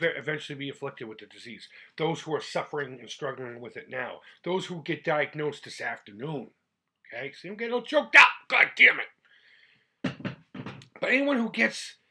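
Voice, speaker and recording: A man's voice: a little high, a bit bright, husky. Chatty, heartfelt middle-aged man vlogging. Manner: chatty and heartfelt, rambling with restarts. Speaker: retro gaming YouTuber. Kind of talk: casual vlog talk.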